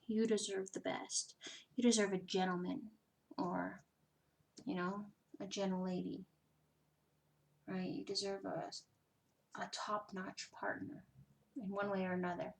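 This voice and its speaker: A woman's voice: medium pitch, flat delivery, a little slow, gravelly, long pauses, rough recording. A woman giving a casual personal tarot reading, chatty and swearing freely, with lots of "you know" fillers. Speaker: tarot reader.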